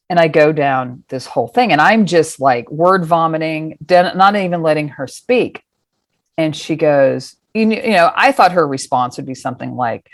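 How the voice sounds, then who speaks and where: A middle-aged woman with a low voice tells a personal story in a casual, animated way. She acts out the scenes and swears freely. The sound is dry and close. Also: normal speed, no room sound. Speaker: guest.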